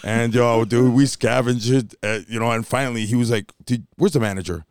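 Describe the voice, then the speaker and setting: Profane, animated man telling DJ stories. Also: medium pitch, fairly quick, clear, resonant tone, dry recording, studio quality. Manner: profane, animated storytelling, teasing. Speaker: podcast co-host, DJ. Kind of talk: casual chat.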